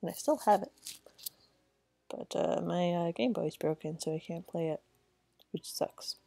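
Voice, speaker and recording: A tired woman plays a video game, giving casual, rambling commentary, giggling and talking to herself as a let's play gamer. Her voice is fairly low, warm and creaky, unhurried, in a dry recording.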